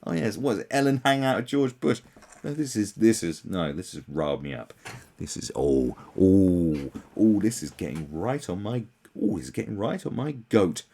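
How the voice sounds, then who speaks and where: A young man ranting sarcastically as a commentary host, swearing often and mocking others in shrill put-on voices. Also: lively intonation, moderate pace, vocal fry, warm tone.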